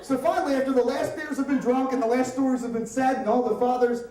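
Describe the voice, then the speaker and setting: A man raised around Upper Darby tells a comic story to a live room, loose and conversational with plenty of swearing. His voice sits high for a man. The sound is distant and washed in heavy room echo. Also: fast. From Upper Darby, Pennsylvania area. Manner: animated, comic, profane, conversational. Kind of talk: live story slam telling. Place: stage at a live storytelling event. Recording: echoey room, voice from far off.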